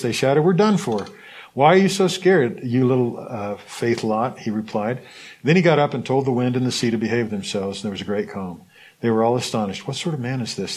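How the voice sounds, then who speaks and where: A man leading a Bible study, reading scripture aloud in a lively way and stopping to comment on it. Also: medium pitch, husky, rough recording. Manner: animated reading, voices the quotes with asides.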